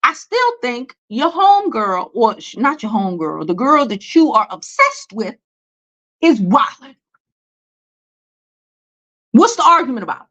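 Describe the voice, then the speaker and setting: Young woman, high voice, blunt and cussing, rambling commentary vlog. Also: very animated, measured pace, long pauses, a bit bright, low-quality recording. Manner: blunt, profane, dismissive, many fillers. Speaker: beauty and celebrity news host.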